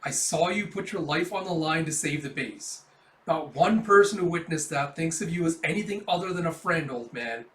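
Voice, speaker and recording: A man's voice: fairly high pitch, normal speed, a bit bright, lightly acted. A man voicing a blunt, frank young male soldier speaking plainly to a comrade. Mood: sincere. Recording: roomy, distant mic.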